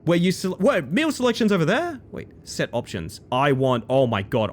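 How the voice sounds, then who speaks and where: A man, chatting excitedly as he streams a game live. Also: medium pitch, fairly quick, few pauses, a little hiss or hum. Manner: excitable, chatty, bursts into loud exclamations. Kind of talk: live gameplay commentary.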